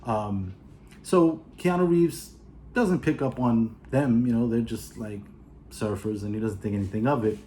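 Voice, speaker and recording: A man's voice: mid-range voice, mellow, slight background noise. A man casually retelling a movie plot for his video review, rambling with lots of "you know" and "uh" and acting out the characters' lines. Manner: acts out the characters' lines in quick asides.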